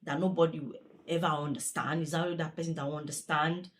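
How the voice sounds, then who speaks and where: Young woman, care worker, earnest and repetitive vlog chatter, slightly low pitch. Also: fairly even intonation, quick pace. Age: young adult. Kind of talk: casual vlog chat.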